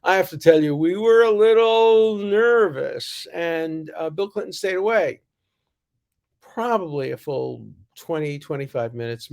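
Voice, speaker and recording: Gravelly older man telling a story. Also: fairly high pitch, a little mellow. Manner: halting, many fillers and self-corrections. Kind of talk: casual personal storytelling.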